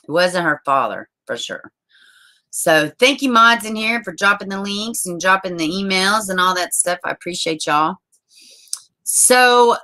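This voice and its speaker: A woman's voice: fairly low pitch, sharp tone. A woman hosting a casual true crime livestream, chatting to viewers, swearing and ranting when frustrated.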